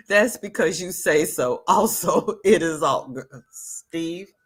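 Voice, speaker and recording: An older woman with a fairly low, expressive, breathy voice speaks extremely slowly while hosting a live crochet stream. She chats casually with her viewers, sassy and emphatic, and often repeats herself.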